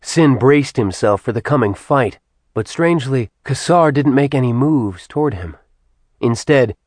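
A man reading a fantasy novel aloud in an even, measured narration. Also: medium pitch, dry recording. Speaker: audiobook narrator. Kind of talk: scripted narration.

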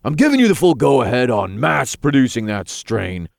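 A man doing a tiny imp in a storybook reading, brash and loud, squeaky high voice bouncing all over, bossy and excitable, dry close sound. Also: moderate pace, creaky, dry recording. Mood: boastful. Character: tiny excitable male imp weed dealer.

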